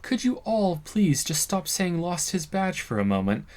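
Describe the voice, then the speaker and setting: A man putting on a flustered, high-pitched amnesiac cop. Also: very animated, measured pace, a little mellow. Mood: exasperated. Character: flustered amnesiac male cop pleading over radio.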